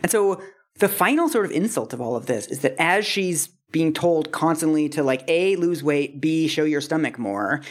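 Low-voiced woman retelling a story. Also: animated, normal speed. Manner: conversational storyteller, many "like"s, reads quotes aloud. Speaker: podcast co-host. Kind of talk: casual chat, retelling a memoir.

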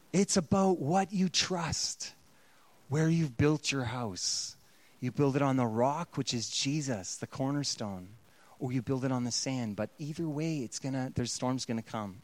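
A man's voice: medium pitch, no echo. A man preaching a sermon in a conversational, playful way, slipping into voices to act out what people say. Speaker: pastor.

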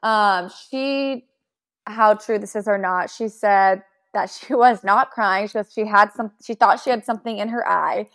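A young woman in a relaxed podcast chat, recapping gossip with plenty of quoted asides. Her voice sits at a middle pitch. She sounds loose and conversational. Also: a little slow. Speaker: podcast co-host.

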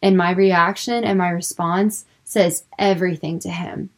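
A woman's voice: lowish voice, fairly even intonation, a little slow. A young woman speaking earnestly about faith and emotions in a personal, unscripted way, with lots of filler words. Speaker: Christian speaker.

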